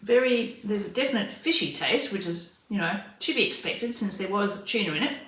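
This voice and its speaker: A woman vlogging as she cooks at home, talking in an unhurried, chatty way while she stirs, serves and tastes her food. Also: medium pitch, animated, a bit bright. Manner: unhurried, chatty, talks while cooking and tasting. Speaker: cooking vlogger. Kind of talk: casual cooking vlog narration. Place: home kitchen. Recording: roomy, distant mic, faint kitchen noise.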